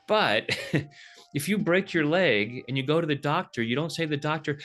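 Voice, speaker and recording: A man explaining a tapping technique in a relaxed, jokey way, slipping into quoted voices as he talks. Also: on the high side, a little fast, faint music behind. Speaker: tapping practitioner, guest. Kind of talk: casual teaching over video call.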